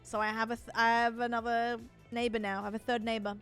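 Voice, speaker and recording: A woman's voice: a little high, flat delivery, quick pace, clean tone, soft background music. A young woman, chatting casually and rambling with her stream viewers from home. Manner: rambling, chatty, laughs often.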